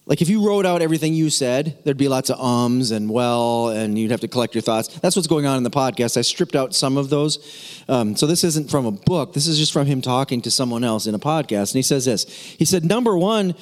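A man's voice: mid-range voice, brisk, big-room sound. A middle-aged man preaching a sermon as pastor, talking in a conversational way with joking asides and frequent restarts.

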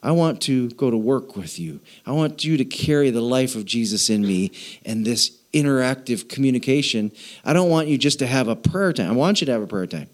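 A man's voice: medium pitch, a little mellow. A man preaching a sermon as pastor, playful, repeating phrases to draw responses from the congregation.

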